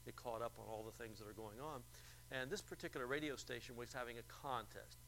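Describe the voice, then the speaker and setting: A man's voice: mid-range voice, gravelly, a bit bright, a little hiss or hum, low-quality recording. A male preacher telling a story in a church service and firing rhetorical questions at the congregation. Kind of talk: sermon.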